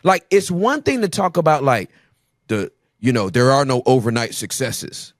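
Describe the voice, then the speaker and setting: A man's voice: medium pitch, sing-song, normal speed, no room sound, studio quality. A man guesting on a podcast, talking in a playful, emphatic way in casual conversation. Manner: playful, emphatic talker who acts out voices.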